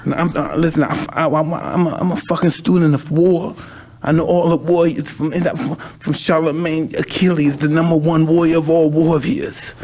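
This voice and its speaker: An emotional man speaks intensely, circling back over the same words as he talks through tears. His voice sits somewhat high and sounds husky. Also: fairly even intonation, moderate pace, darkish tone. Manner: intense, emotional, repetitive, profane. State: crying. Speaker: podcast host. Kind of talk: emotional interview conversation.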